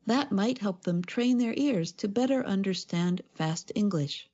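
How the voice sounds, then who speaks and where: Lady co-hosting an english lesson podcast, mellow warm voice, kinda dull sound. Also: medium pitch, expressive, a little slow. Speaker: co-host. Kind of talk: scripted educational podcast.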